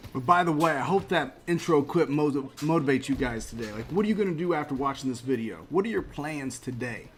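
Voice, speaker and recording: A man's voice: medium pitch, expressive, fairly quick, few pauses, a little hiss or hum. A man in his late thirties giving chatty, motivational commentary while playing a video game. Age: 30s. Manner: chatty, motivational, laughs at himself. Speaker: gaming channel host. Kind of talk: casual gameplay commentary.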